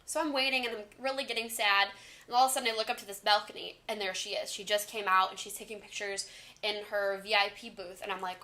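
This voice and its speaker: A woman in her twenties telling a storytime vlog, talking fast in an excited, gushing way. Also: medium pitch. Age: 20s. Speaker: vlogger.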